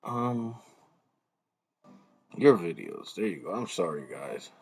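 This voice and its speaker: A man with a low, husky voice talks slowly through a casual live stream. He rambles and swears, muttering under his breath as he fumbles with his setup. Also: big pitch swings, darkish tone, soft background music. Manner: profane, rambling, muttering to himself while fumbling with the computer.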